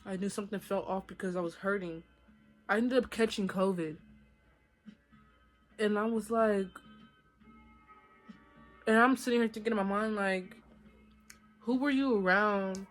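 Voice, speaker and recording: A woman's voice: medium pitch, a little slow, long pauses, soft background music. A young woman telling her own story to her viewers in a casual, chatty storytime vlog, often talking to them directly. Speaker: vlogger.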